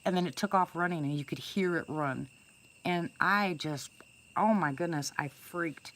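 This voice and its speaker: A woman's voice: fairly low pitch, normal speed, a bit bright. An older woman casually telling a first-person story to her viewers, chatty and rambling, with many restarts and fillers. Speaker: storyteller greeting live viewers.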